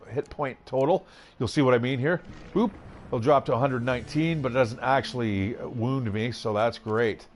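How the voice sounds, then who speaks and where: Guy doing chill gameplay commentary, cussing a lot, reads game text out loud. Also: medium pitch. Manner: swears freely while reading card text aloud. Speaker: gaming channel host.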